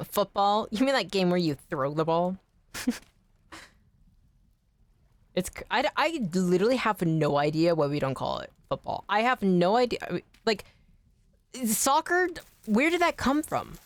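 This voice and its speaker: An American woman chatting casually on a game stream, animated, swearing freely and laughing often. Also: mid-range voice, a little slow, long pauses, no echo. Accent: General American. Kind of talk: casual chat while streaming.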